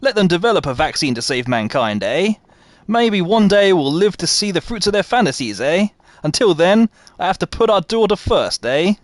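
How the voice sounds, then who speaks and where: A man's voice: high-pitched, big pitch swings, no room sound, voice pushed up. A man doing a hammy Canadian letter writer, eh. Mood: mock-earnest. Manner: deliberately clumsy stereotyped Canadian impression, tacking on "eh".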